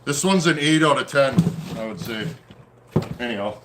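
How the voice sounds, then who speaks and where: A man hosting a casual livestream, reading out viewer comments and chatting in a friendly, easygoing way with frequent pauses. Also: mid-range voice, animated, background noise. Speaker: host of a livestream on chainsaw repair. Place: at home in a snowy area.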